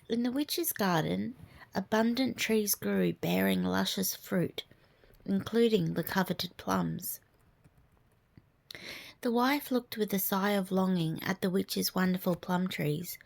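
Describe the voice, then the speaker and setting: Lady reading a storybook, soft whispery voice, bit of vocal fry. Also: fairly low pitch.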